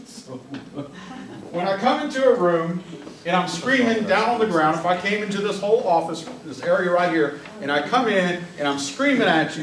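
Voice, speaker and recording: A man giving a live police training talk to an office audience, blunt and joking, shouting commands when he acts them out. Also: a little high, animated, a little fast, crowd noise. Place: office meeting room with audience. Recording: echoey room, mic from a distance.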